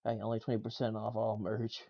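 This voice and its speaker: A man's voice: lowish voice, completely flat delivery, fairly quick, creaky, lo-fi sound. A man casually reacting to gaming clips and tweets, laughing often and swearing loosely. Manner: laughs a lot, loose and profane. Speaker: gaming news streamer.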